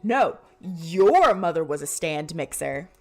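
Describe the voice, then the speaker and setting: A woman's voice: medium pitch, expressive, measured pace, a little mellow, soft background music. A woman voicing an indignant, prissy robot student in a snooty, clipped way. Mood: offended.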